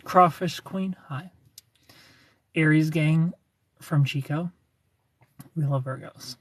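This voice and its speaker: A man's voice: a little high, takes it slowly. A man hosting a casual livestream, greeting viewers by name, reading their comments aloud and teasing them with frequent laughs. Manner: chatty, reads viewer names and comments aloud. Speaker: livestream host.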